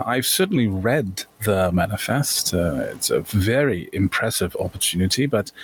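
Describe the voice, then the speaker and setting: A man's voice: low voice, husky, exaggerated voice, poor audio. A man voicing a genteel male curiosities merchant who speaks with formal, florid politeness.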